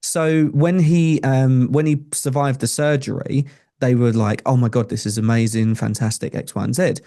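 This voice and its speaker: A man's voice: medium pitch, fairly even intonation, moderate pace, mellow. A young adult man, a podcast guest telling a personal story in an earnest, conversational way with frequent restarts. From England.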